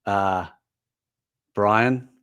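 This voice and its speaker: A man's voice: on the low side, extremely slow, a bit bright, clear, resonant tone. An older man, talking casually and earnestly to viewers on a live stream as a toy brand manager, with frequent fillers and restarts.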